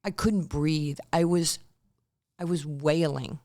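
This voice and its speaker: A former basketball player in her sixties takes her time, speaking slowly in a low-pitched voice. Guesting on a podcast, she tells stories with animation and performs the quotes.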